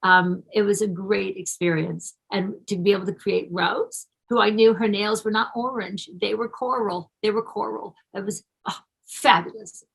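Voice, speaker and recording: A woman's voice: medium pitch, steady tone, moderate pace, vocal fry, slightly rough, rough recording. A middle-aged actress being interviewed, talking effusively and casually, often restarting her sentences.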